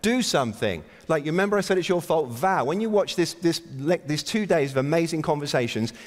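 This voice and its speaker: A man's voice: fairly high pitch, lively intonation, a little fast. Guy giving a keynote, wry and pushy, big echoey hall. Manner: wry, self-deprecating, exhorting the audience. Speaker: keynote speaker. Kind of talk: conference opening address. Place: large conference hall stage. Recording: long reverb of a big hall.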